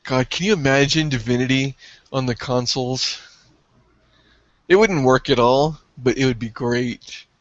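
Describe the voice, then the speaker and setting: A man co-hosting a casual gaming podcast, excitable and profane, breaking into yelps when something thrills him. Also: medium pitch, measured pace, dry recording, dull audio. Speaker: podcast co-host.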